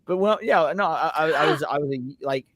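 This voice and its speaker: A man's voice: fairly high pitch, brisk, a bit bright, no room sound. A man in casual podcast chat who rambles, restarting and repeating words as he tells a story.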